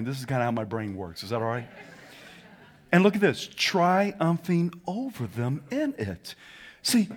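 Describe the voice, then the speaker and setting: A male pastor with a notably high voice preaches to a live congregation. He swings between hushed asides and shouted calls, pulling the room into call-and-response. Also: husky. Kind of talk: sermon. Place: church before a congregation.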